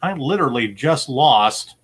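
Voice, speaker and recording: A man hosts a relaxed movie-quote game with a bright, ringing voice. He rambles along easily, padding his sentences with fillers and little chuckles. His tone stays informal and friendly throughout. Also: medium pitch, a little slow, slight background noise. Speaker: game show host. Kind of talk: casual chat.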